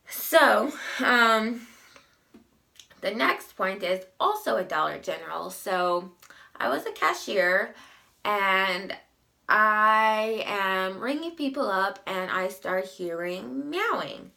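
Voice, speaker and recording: A woman's voice: mid-range voice, gravelly, sharp tone. A young adult woman telling customer service stories in a casual vlog, emphatic and exasperated. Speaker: vlogger.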